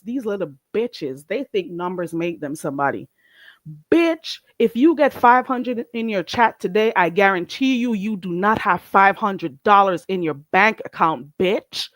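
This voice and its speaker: A woman's voice: mid-range voice, no room sound. A woman from Jamaica hosting a livestream, ranting in a profane, combative and mocking way. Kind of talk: heated livestream rant.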